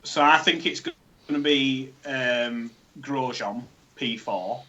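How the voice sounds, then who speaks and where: A man's voice: mid-range voice, slow pace, bright, forceful tone, dull audio. A man from the UK co-hosting a casual podcast over a call, playful and jokey. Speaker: podcast co-host.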